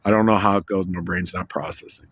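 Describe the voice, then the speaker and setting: A vlogger talks to camera in a rambling personal monologue, losing his train of thought and swearing casually. His voice is low, steady, fairly bright, and fast, in a dry recording.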